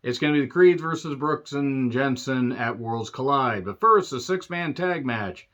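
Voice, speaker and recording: A man's voice: mid-range voice, normal speed, fairly bright tone, highs cut off. A man reviewing a wrestling show in a sarcastic, profane, exasperated rant.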